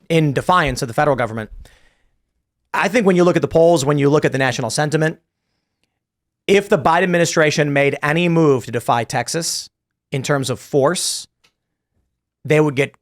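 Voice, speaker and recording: A man leads a casual panel discussion. His voice sits a little high, and he talks in loose, stumbling restarts. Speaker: podcast host.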